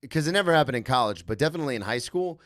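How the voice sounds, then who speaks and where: A man in his thirties co-hosting a podcast in casual chat, animated and acting out quoted yelling. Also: mid-range voice, rapid-fire. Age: 30s. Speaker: podcast co-host.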